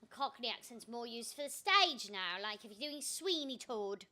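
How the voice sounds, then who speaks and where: A woman's voice: on the high side, expressive, moderate pace, pushed and bright. A woman voice actor streaming a video game, chatting casually and animatedly with frequent ums and self-mocking asides. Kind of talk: casual gameplay chat.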